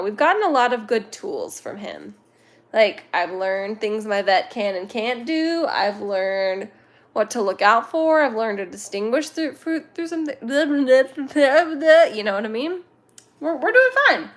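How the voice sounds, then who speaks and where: Young female streamer, a touch high-pitched, playful and giggly, rambling casual chat. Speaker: cat rescue livestream host. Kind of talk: casual livestream chat with viewers.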